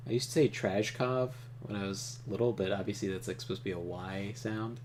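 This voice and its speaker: A man's voice: lowish voice, a little fast, hardly any pauses, darkish tone, a little hiss or hum. A man hosting a let's play, reading the game's text aloud and making casual asides with the odd chuckle. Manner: casual, chuckling asides, trips over names. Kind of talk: reading game text and commenting while playing.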